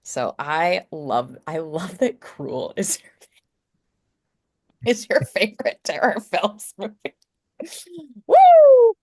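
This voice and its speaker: Female podcast guest, animated and effusive, with lots of melodic movement. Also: sits low, slow, pauses often. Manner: effusive and animated, laughs often. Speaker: guest, film company marketing executive. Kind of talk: casual podcast chat.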